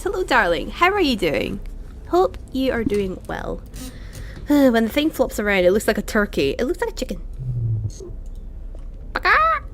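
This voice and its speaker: A woman's voice: high voice, fairly bright tone, a little hiss or hum. A young woman, streaming a video game and chatting with her viewers, swearing and venting her frustration. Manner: swearing, talking to chat, frustrated outbursts. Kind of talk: casual live-stream commentary.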